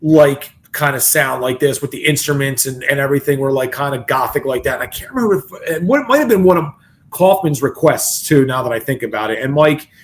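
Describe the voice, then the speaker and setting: A man's voice: medium pitch, animated, fairly quick, slight background noise. A man co-hosting a music reaction video, chatting casually and thinking aloud with many restarts. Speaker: reaction channel co-host. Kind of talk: casual chat reacting to a song.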